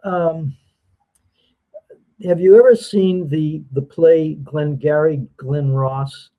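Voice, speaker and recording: A man as a guest commentator on a political talk show, speaking in a measured, halting way with frequent ums. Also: fairly high pitch, narrow, tinny audio.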